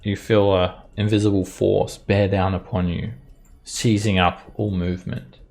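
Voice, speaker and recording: A man running a tabletop game as game master, narrating slowly with many pauses and fillers. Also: on the low side, level tone, gravelly, a little mellow, soft background music. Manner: slow, deliberate, with frequent fillers.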